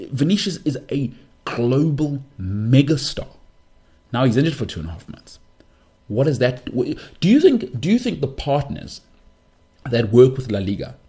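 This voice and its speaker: A man hosting a sports podcast, ranting his opinions with rhetorical questions and quick asides. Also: medium pitch, warm tone, slightly rough. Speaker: podcast host.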